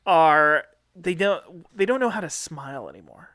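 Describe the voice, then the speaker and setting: A man's voice: on the high side, animated, normal speed, fairly bright tone, dry recording, clean studio sound. A man co-hosting a satirical comedy podcast, speaking in a mock-earnest, sincere tone and laughing often at his own lines. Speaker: podcast co-host.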